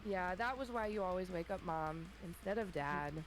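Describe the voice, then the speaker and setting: A woman in her thirties telling a funny childhood story in a relaxed chat, acting out her family's voices. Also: lowish voice, moderate pace, slight background noise, low-quality recording. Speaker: streamer guest. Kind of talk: casual storytelling.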